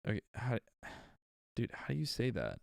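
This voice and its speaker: A mid-range, gravelly male voice with wildly swooping pitch, recorded in studio quality without echo. He's livestreaming while recording an audiobook, reading slowly with retakes and chatting with exasperated asides in between.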